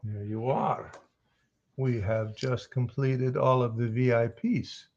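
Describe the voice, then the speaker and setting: A man's voice: medium pitch, steady tone, slow pace, darkish tone, highs cut off, a little hiss or hum. A man, a voice actor, chatting casually with fans on a livestream and telling stories as he answers questions. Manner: chatty and storytelling.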